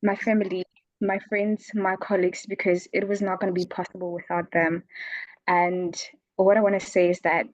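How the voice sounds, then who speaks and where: A woman's voice: on the low side, little pitch movement, normal speed, dry recording, low-quality recording. A woman from South Africa giving an emotional, earnest award acceptance speech over a video call, repeating words for emphasis. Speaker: award winner.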